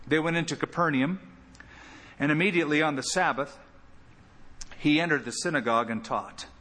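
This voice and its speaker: A man preaching an expository sermon as pastor, animated, with big swings in pitch and loudness. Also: in a large hall.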